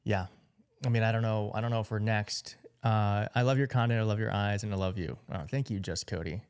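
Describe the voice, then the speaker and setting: A man's voice: fairly low pitch, fairly even intonation, a little fast, darkish tone, clear, resonant tone. A man hosting a casual live stream, reacting sarcastically to chat messages and news clips. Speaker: livestream host.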